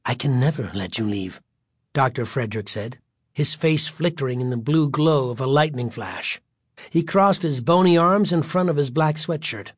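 An audiobook narrator reads a spooky tale with suspense and vivid pacing, keeping tension high from line to line. The middle-pitched voice moves at a moderate pace with lively intonation. The recording is close and dry, with no room sound.

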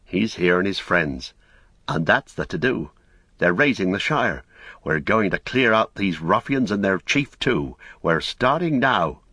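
A man's voice: low voice, animated, unhurried, pushed and bright, breathy edge, dry recording, studio quality, full character voice. A man voicing a plain-spoken, earnest young male hobbit with homely speech, in a storybook reading.

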